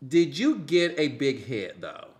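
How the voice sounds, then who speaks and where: A man hosting a podcast interview, asking pointed questions in an animated, theatrical way. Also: medium pitch, unhurried. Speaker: podcast host.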